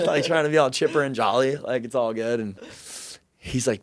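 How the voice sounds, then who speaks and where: A young man telling a story in a casual chat, animated, profane and self-deprecating. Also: mid-range voice, normal speed, no room sound, studio quality.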